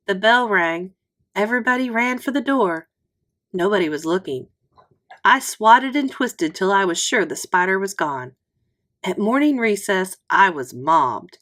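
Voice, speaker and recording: Expressive woman reading a children's book. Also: medium pitch. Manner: expressive, unhurried storytelling. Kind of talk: storybook read-aloud.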